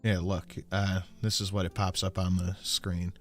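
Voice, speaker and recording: A man's voice: deep voice, little pitch movement, normal speed, soft background music. A man hosting a live stream, laid back and swearing, plugging his channel. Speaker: streamer host. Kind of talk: casual live-stream talk.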